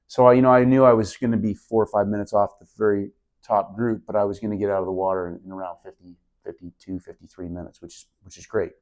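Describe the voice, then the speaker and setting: A middle-aged man, a guest on a podcast, speaks with a somewhat low voice. He tells his story in an earnest, reflective way, like a relaxed conversation. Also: fast. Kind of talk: casual interview storytelling.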